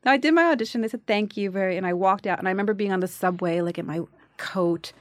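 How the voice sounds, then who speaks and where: Animated New actress guest. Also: female voice, mid-range voice, fast, no room sound. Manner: animated storyteller, acts out quotes. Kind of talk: casual interview chat.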